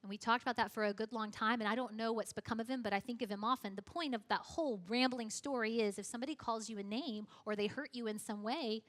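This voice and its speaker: A woman speaking at a church, telling a story in a lively way and acting out the dialogue. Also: fairly high pitch, fast talker, hardly any pauses, long reverb tail. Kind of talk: storytelling sermon.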